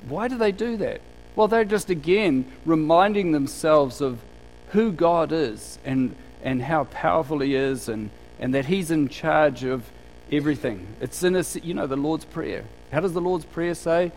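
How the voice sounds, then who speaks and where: In a low-quality recording, a pastor with a fairly high voice preaches at a normal pace in a conversational style. He poses rhetorical questions to the congregation and acts out what people say, switching to a livelier voice for those quoted speakers.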